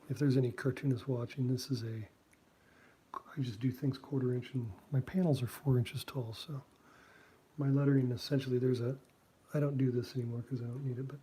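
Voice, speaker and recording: A man's voice: medium pitch, mellow, a little hiss or hum. A man who is a cartoonist, chatting in a rambling way with many fillers and asides while he draws. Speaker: cartoonist drawing on stream. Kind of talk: casual chat while drawing.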